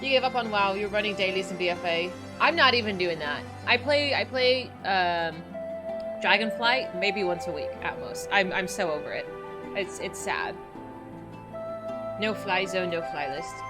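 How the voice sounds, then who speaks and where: A woman's voice: medium pitch, normal speed, loud music behind the voice. A woman streaming a game, chatting casually and giggling with her viewers. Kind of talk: casual live-stream chat.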